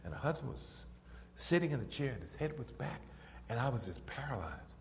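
Animated older male preacher in a reverberant hall. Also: fairly quick, slight background noise. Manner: animated, rises high and loud when excited, drops soft in stories. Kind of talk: sermon with storytelling.

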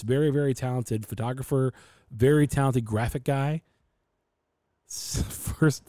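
A man on a podcast, casually telling animated stories and acting out his father's voice. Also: mid-range voice, no room sound, clean studio sound. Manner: animated storyteller who acts out his dad's voice. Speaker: podcast host. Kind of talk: casual storytelling chat.

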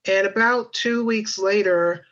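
A woman's voice: mid-range voice, unhurried, a bit bright, lo-fi sound. A woman guest on a podcast telling a personal story in a chatty way, with many fillers and asides.

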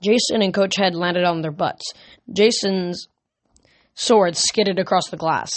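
A woman with a slightly low voice reading a storybook aloud. She moves the story along steadily, stumbling now and then and correcting her words as she goes. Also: measured pace. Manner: reads with small slips and self-corrections. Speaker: reader. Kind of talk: amateur audiobook reading.

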